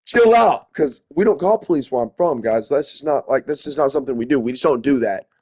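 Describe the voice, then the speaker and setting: A man's voice: mid-range voice, quick pace, dark tone, husky. A young man telling a story to his viewers in casual, profane, emphatic speech, calling them guys and bro. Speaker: storyteller vlogger.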